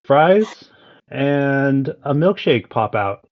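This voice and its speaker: Man player, hesitant with lots of fillers, average pitch, dull audio. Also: measured pace. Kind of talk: describing his character. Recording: dull online call audio.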